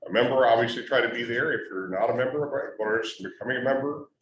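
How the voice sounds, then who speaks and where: A man's voice: medium pitch, very fast, far from the mic, a little hiss or hum. A man giving a plain, matter-of-fact committee announcement at a club meeting. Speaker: committee member. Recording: dull echoey room, from afar.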